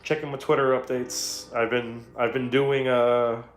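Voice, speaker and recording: Measured and level-toned, a mid-range male voice belongs to a streamer painting in his home room. He chats casually, telling profane stories punctuated by laughter, with a roomy echo and soft guitar music behind him.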